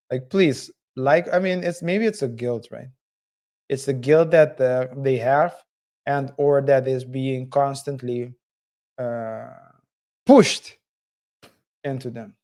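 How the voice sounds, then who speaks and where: A man co-hosting a podcast, talking casually in a halting, hedging way. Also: mid-range voice, a little mellow. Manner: slow, halting, hedging with fillers. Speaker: co-host.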